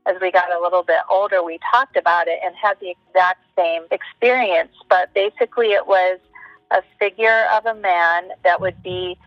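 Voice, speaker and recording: A woman tells a personal story in a relaxed, thoughtful way. Her sound is dull and lo-fi, dry with no room around it, and faint music plays beneath her. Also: lowish voice, normal speed, no echo. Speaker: podcast guest, psychic. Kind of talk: casual storytelling.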